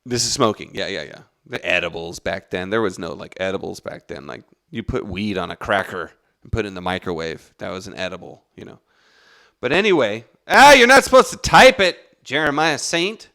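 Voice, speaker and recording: A man's voice: low voice, fairly quick, vocal fry. A man, the podcast's host, telling a long story in a rambling, profane, casual way. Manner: rambling, profane, animated, with restarts.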